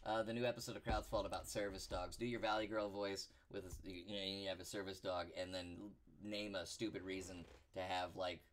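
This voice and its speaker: A man's voice: deep voice, level tone, brisk, few pauses, a little hiss or hum. A man hosting a live stream, chatting casually and joking with his co-host and viewers. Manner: jokey, chatty, talks to viewers.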